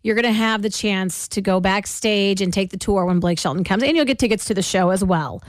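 A woman co-hosting a morning radio show in casual banter, bubbly and quick to laugh. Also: medium pitch, no room sound, clean studio sound. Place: radio studio. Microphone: studio microphone.

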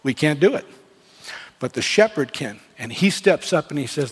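A male pastor preaching in an earnest, building way, with a somewhat high voice. His words ring out with a long reverb from the church hall around him. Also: brisk. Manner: earnest preaching with restarts and rising emphasis. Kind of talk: sermon.

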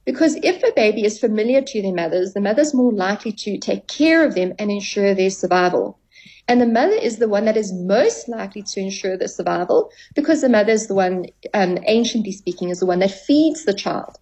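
Breathy-voiced woman explaining therapy ideas. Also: mid-range voice, expressive, brisk, darkish tone, poor audio. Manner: explanatory, acts out quoted dialogue. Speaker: guest expert, therapist. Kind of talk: radio interview.

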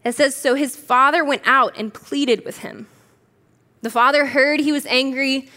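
A woman's voice: high voice, fairly even intonation, unhurried, sharp tone. A young adult woman preaching a sermon, telling the story with energy and acting out the characters' voices. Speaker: pastor.

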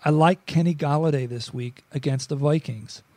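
A man's voice: fairly high pitch, moderate pace, mellow, dry recording. A man co-hosting a casual sports podcast, chatty and joking, often restarting his sentences. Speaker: podcast co-host.

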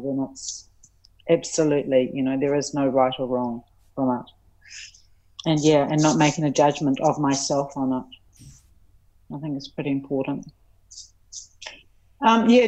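A woman talking as an interview guest, earnest and reflective, pausing often and restarting her sentences. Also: low-pitched, darkish tone. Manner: earnest, halting, with many fillers and restarts. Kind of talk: reflective personal conversation.

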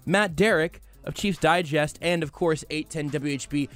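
A young man hosting a sports talk radio show in a studio, joking and quick to laugh. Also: on the high side, a bit bright. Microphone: studio mic.

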